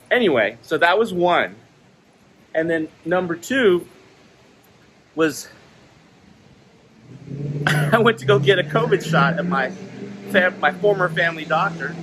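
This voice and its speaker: A man with a slightly higher than usual voice tells casual personal stories, laughing often as he goes. He acts out both sides of each exchange with lively shifts in his voice. A faint hiss of noise sits under the recording. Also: poor audio. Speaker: vlogger sharing stories. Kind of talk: casual storytelling monologue.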